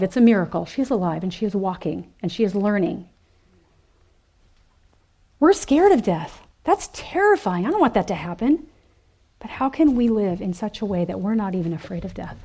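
A woman giving an animated, emphatic sermon to a women's gathering, acting out the quoted voices. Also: fairly high pitch. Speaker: speaker at a women's ministry event.

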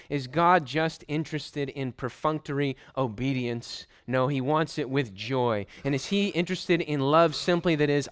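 A man preaching a sermon, emphatic and deliberate, stressing points by repeating short phrases. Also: mid-range voice, clear, resonant tone, no room sound, studio quality. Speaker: pastor.

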